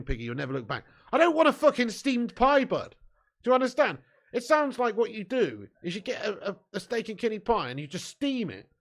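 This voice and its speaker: A man's voice: high-pitched, creaky. A man, live-streaming a football watch-along, chatting with viewers in laddish, sweary banter and laughing often. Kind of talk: live stream chat and match commentary.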